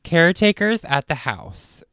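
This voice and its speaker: A man's voice: a little high, very animated, unhurried, fairly bright tone, clear, resonant tone, no echo. Guy cohosting a podcast, jokey, kinda scattered, dry studio sound. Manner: jokey, trails off and restarts. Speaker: podcast co-host. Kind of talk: casual chat, reading notes.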